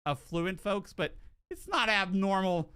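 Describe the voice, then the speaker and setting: A male streamer chats casually while he plays, his voice swinging up and down with lots of life. The tone is bright and a little high. He swears freely and trips over his own words as he talks. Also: a little slow, smooth. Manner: animated, swears, restarts and repeats words. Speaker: game streamer. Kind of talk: casual livestream storytelling.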